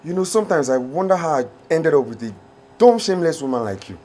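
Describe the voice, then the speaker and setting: An actor with a Nigerian accent playing an angry husband who shouts, insults and repeats himself. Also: male voice, on the high side, sing-song, quick pace, slight background noise. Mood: scornful. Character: furious shouting husband, scornful and bullying.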